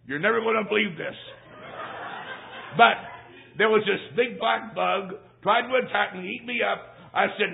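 High-voiced folksy preacher on a tinny recording. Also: male voice, animated, moderate pace, vocal fry. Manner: folksy, emphatic, repeats phrases for effect. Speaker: traveling preacher. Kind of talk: storytelling sermon. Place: church.

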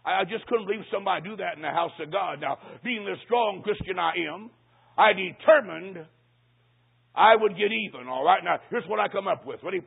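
Husky preacher guy spinning a funny story from the pulpit, sounds like it's over a phone line. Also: high voice, a little fast. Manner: folksy, punchy storyteller. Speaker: traveling preacher. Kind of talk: comedic sermon storytelling.

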